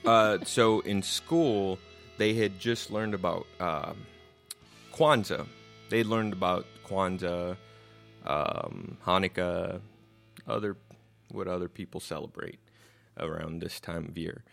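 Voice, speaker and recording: A man's voice: sits low, takes it slowly, vocal fry, a bit bright, faint music behind. A middle-aged man hosting a podcast, telling stories in a casual, rambling and profane way, laughing at his own jokes. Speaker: podcast host. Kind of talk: casual storytelling chat.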